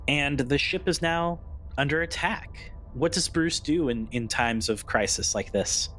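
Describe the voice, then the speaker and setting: A man's voice: fairly high pitch, unhurried, a bit bright, a little hiss or hum. A man narrating a tabletop role-playing game as game master, describing scenes loosely with small restarts.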